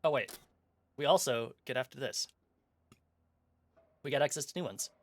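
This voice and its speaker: Calm male streamer reading game text. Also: normal speed. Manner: calm, low-key reading and casual asides.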